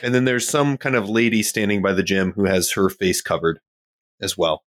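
A man's voice: fairly low pitch, fairly even intonation, normal speed, no room sound. A man playing a tabletop game, easygoing and describing what he sees. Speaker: player. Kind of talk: casual tabletop play.

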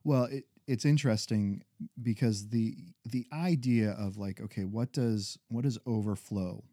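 A man's voice: on the low side, unhurried, mellow, no room sound, studio quality. A man co-hosting a faith podcast, mostly listening and agreeing, then starting to share a thought. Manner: frequent short agreement. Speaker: podcast co-host. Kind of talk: casual chat.

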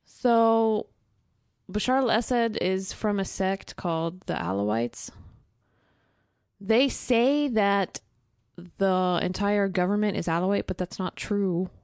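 A woman who is a guest in a casual interview, explaining earnestly and filling pauses with fillers. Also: mid-range voice, a little mellow, clear, resonant tone, dry recording, studio quality.

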